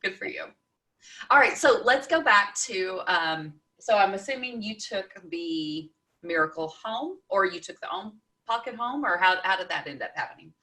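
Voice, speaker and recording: A woman's voice: medium pitch, expressive, normal speed, pushed and bright. A woman hosting a casual podcast interview, chatty and encouraging toward her guest. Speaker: podcast host.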